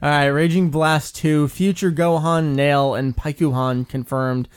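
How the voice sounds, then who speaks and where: A man co-hosting a casual fan podcast, reading through news items briskly and with enthusiasm. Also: on the high side, fairly even intonation, clear, resonant tone. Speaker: podcast co-host.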